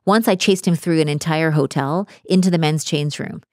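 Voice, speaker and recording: A woman speaking as a relationship coach in a casual podcast conversation, animated and acting out the voices she quotes. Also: deep voice, normal speed, no room sound, clean studio sound.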